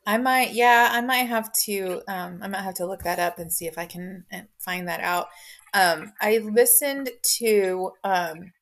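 Female podcast host, unhurried, rambling casual chat. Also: medium pitch, a bit bright. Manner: rambling, many fillers and restarts. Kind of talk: casual conversation.

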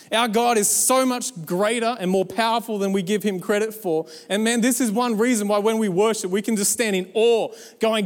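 A male pastor giving a sermon, animated and exhorting, with playful asides to the church. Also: high-pitched, brisk, hardly any pauses, big-room sound.

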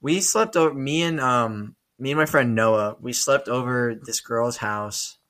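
A man's voice: mid-range voice, a little slow. A young man, a podcast co-host, telling stories in casual chat, swearing often and laughing along. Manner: swears often, animated storyteller, laughs mid-story.

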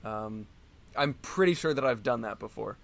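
A man chatting on a loose comedy podcast. He rambles with plenty of filler words and restarts. His voice sits at an ordinary male pitch. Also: expressive, normal speed, creaky. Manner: rambling, full of likes and restarts. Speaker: podcast co-host and quiz contestant. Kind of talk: casual comedy podcast chat.

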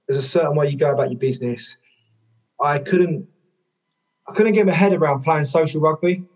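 A man, a former rugby player and coach, telling stories in a podcast conversation, lively, with lots of "like" fillers and casual swearing. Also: on the high side, a little fast. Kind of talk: conversational storytelling.

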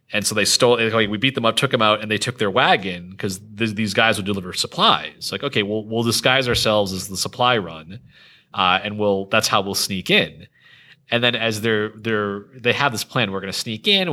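Male game master, bright timbre, excitable storyteller. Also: fairly low pitch. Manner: animated, laughs often, many restarts. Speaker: game master telling table stories. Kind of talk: casual storytelling chat.

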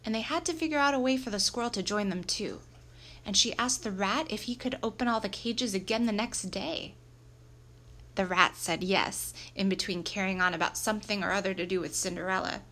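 A woman narrating a children's book aloud in a lively, expressive storytelling manner. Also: medium pitch, brisk. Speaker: audiobook reader.

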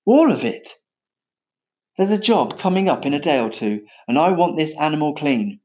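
A man's voice: on the high side, sing-song, normal speed, a little mellow, lo-fi sound, voice pushed up. A man voicing a furious, bossy elephant master who roars and scolds in a storybook reading. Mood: stern. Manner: roaring, scolding.

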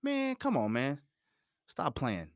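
A man plays an angry, wounded friend who fires off indignant questions at high speed. The pitch leaps around a lot, and the sound is dry and close. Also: huge pitch swings, no echo, heavily acted. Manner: indignant, heated and rapid.

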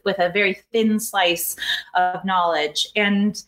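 A woman's voice: medium pitch, steady tone, slow, fairly bright tone, soft background music. Earnest woman explaining as guest expert. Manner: earnest and explanatory, building lists of points. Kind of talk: explaining in a conversational interview.

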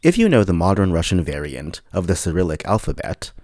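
A man with a deep, low voice gives a scripted podcast lesson, rising and falling expressively as he explains. He spells things out slowly and carefully. The recording is close and dry, with no room sound. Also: big pitch swings, darkish tone, no echo. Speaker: podcast teacher.

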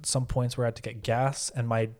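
Man telling a road story, flat voice. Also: mid-range voice, brisk. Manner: rambling storytelling, frequent swearing and fillers. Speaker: podcast co-host. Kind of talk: casual chat.

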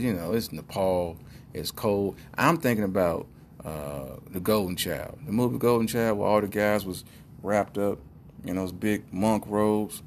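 A man with a lowish voice hosts a show, reacting to news stories in a loose, joking, slangy way and spinning silly tall tales. It's comedic, rambling news commentary from a podcast host, with slight background noise.

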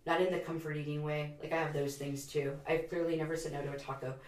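Raspy-voiced woman, forties, podcast guest: candid and wry, slightly distant, roomy sound. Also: low-pitched, flat delivery, fast, darkish tone. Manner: candid, rambling, self-deprecating humor. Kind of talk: casual interview conversation. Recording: roomy echo, a bit off mic.

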